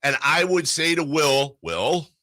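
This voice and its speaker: A man hosting a sports radio show, telling animated stories in casual banter. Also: on the high side, dry recording. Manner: animated storyteller, excitable, quick asides. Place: radio studio.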